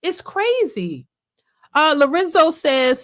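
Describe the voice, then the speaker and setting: A woman's voice: sits high, very animated, measured pace, faint music behind. A woman hosting a live reaction stream, talking emphatically and often repeating herself while addressing her chat. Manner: emphatic, repetitive, talks to chat. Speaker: reaction channel host. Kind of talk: casual live reaction commentary.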